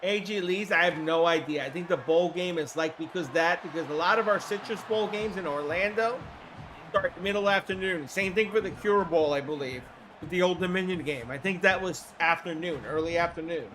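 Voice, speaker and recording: A man with a hoarse throat hosting a livestream, giving casual play-by-play commentary in an excitable, chatty way with casual swearing. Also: high voice, moderate pace, a little hiss or hum. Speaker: livestream host.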